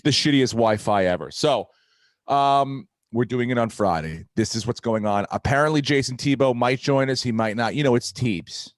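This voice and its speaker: In studio-quality audio with no room sound, a mid-range-voiced, middle-aged man hosts a podcast and shares a comic anecdote. His delivery is animated and profane, and he voices the dialogue of the people in the story.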